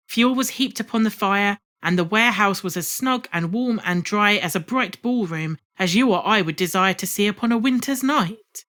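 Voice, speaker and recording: A woman's voice: medium pitch, a bit bright. Woman reading a classic novel aloud. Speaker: audiobook reader. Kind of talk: scripted narration of a classic novel.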